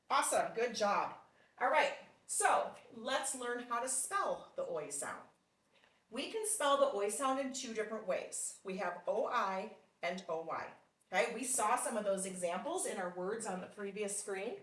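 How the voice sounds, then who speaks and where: Woman, phonics tutor, encouraging and deliberate; reverberant, distant recording. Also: a little high, a bit bright. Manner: patient, encouraging, with frequent praise; slow, deliberate sounding out of words. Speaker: phonics teacher. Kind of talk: one-on-one phonics lesson. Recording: roomy sound from off mic.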